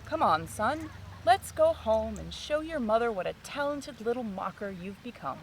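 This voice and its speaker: A woman voicing a hearty, warm but stern father mockingbird in a storybook reading, his voice booming and at times scolding. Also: expressive, normal speed, slight background noise, low-quality recording.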